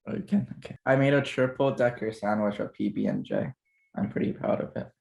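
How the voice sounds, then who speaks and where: A man's voice: medium pitch, fairly quick, creaky, a little mellow. A man hosting a podcast over a video call, chatting casually and rambling, often stumbling and restarting his words. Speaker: podcast host. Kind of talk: casual chat.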